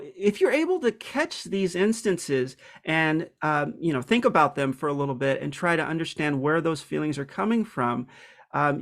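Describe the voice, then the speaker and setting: A man's voice: a little high, fairly bright tone. A man hosting a self-help video, talking through a personal topic in a casual, reflective way, candid and hesitant, with many ums and restarts.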